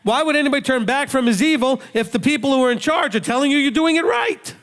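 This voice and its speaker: A man's voice: very high-pitched, expressive, quick pace, a bit bright. A male rabbi giving a conversational sermon, emphatic and full of rhetorical questions he answers himself. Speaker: rabbi teacher. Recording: long hall reverb.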